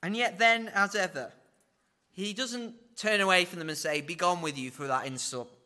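A man teaches the Bible verse by verse at a moderate pace with a sharp tone. He acts out quoted lines with big pitch swings and drops in wry asides.

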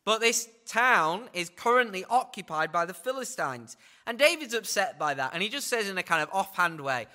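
Bright-voiced man preaching. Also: high voice, very animated, normal speed, few pauses. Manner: conversational preaching with rhetorical tag questions. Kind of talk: sermon.

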